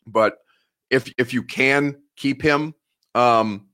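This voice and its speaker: A man's voice: medium pitch, takes it slowly, pushed and bright. A man hosting a live sports talk show, chatting casually, rambling and correcting himself as he goes. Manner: rambling, self-correcting, joking. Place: home studio.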